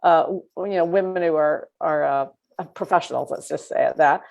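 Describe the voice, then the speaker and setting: A woman co-hosting a political talk show, chatting casually in an animated, sarcastic way and laughing as she talks. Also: sits low, brisk, gravelly.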